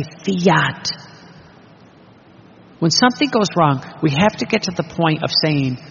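A man's voice: on the high side, vocal fry, a bit bright, a little hiss or hum. A man preaching a sermon, emphatic and full of rhetorical questions. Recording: dull reverberant hall recording.

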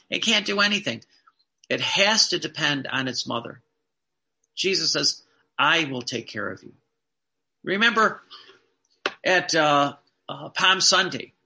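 Male preacher, sermon delivery, earnest, gravelly, brilliant tone. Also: high voice. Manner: earnest preaching, softens to a hush when quoting Jesus.

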